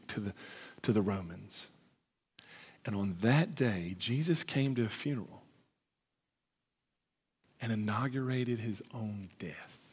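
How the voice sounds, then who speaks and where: A man with a husky, slightly breathy voice preaches a sermon as pastor. His delivery is animated, and he acts out the lines of the story. A long reverb from the hall trails after each phrase. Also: on the low side. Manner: animated, acts out dialogue, stammers when excited. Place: church sanctuary.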